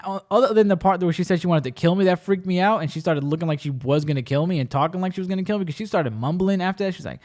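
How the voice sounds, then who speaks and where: Podcast host, man, fairly high voice, animated and foul-mouthed storyteller. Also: very fast, hardly any pauses. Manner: animated, acts out quoted dialogue with shifting voice; profane and blunt. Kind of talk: casual storytelling chat.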